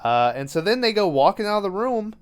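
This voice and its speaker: A man's voice: high-pitched, big pitch swings, fairly quick, smooth. A man hosting a podcast, recapping a movie in loose, profane storytelling full of "um" and "like". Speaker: podcast host.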